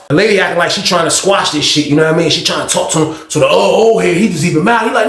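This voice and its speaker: A man telling a story in a casual, slangy way, animated and often laughing. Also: on the high side, quick pace, few pauses. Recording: roomy echo.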